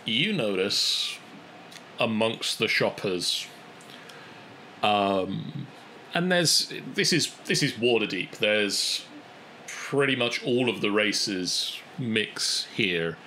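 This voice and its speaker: A man narrating as dungeon master in an unhurried way, with hesitant fillers. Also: on the low side, expressive, sharp tone, slight background noise, low-quality recording. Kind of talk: narrating a tabletop game.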